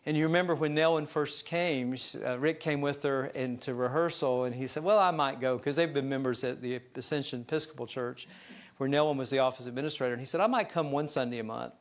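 A man's voice: medium pitch, fairly quick. A male pastor preaching a sermon, telling stories in a folksy, self-deprecating way. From US South mountain region. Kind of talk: sermon storytelling.

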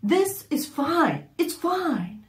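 Woman doing a bullheaded man brushing off a warning, pitched up high and loud, drawn out, in a roomy echo. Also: sing-song, very slow, full character voice. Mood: smug. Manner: exaggerated, smug and dismissive. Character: mock-stubborn husband, insistent adult man.

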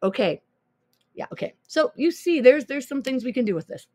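A woman's voice: sits high, animated, moderate pace, a little mellow, no room sound. A woman music teacher talking casually through teaching tools on a podcast, thinking aloud with plenty of ums and easily amused.

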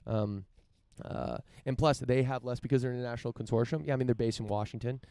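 A man from the United States commenting casually on news and reading passages aloud, halting and repeating words as he searches for his point. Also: medium pitch, steady tone, mellow, no echo, clean studio sound. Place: outdoors in front of a mansion.

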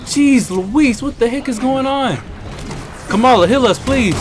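A man giving excitable live commentary while playing a video game, trash-talking and whooping at the action. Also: very high voice, unhurried, noisy background. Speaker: gaming YouTuber. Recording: game music playing behind.

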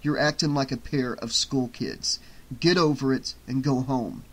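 A man's voice: medium pitch, unhurried, close to an everyday voice. A man voicing a dry, offhand young man. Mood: firm. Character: laid-back young man, dry and wry.

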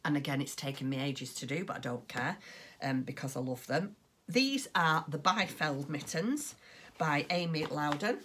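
A woman's voice: sits low, animated, moderate pace, a bit bright, slight background noise. A woman chatting casually on her craft podcast, rambling along with plenty of ums. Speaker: crochet and knitting podcaster.

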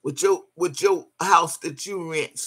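A woman's voice: fairly low pitch, a little slow, a bit bright, slightly rough. An older woman in a casual vlog rant, profane and mocking, breaking into laughter often. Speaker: vlogger.

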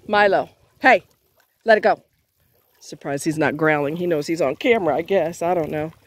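A woman's voice: low voice, moderate pace. Chatty woman vlogging outdoors by a lake. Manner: chatty, doting, coaxing her dog. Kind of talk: casual vlog commentary.

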